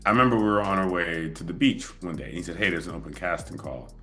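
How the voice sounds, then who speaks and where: A man hosting an interview, telling a relaxed story in casual chat and laughing often. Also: low-pitched, quick pace, faint music behind. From moved to LA as an adult. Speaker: podcast host.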